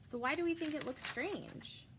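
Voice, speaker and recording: A woman's voice: high-pitched, normal speed, background noise. A young woman, a kindergarten teacher, reading a picture book aloud to young children, asking them questions and answering them herself, with chatty asides. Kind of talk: read-aloud story lesson for young children.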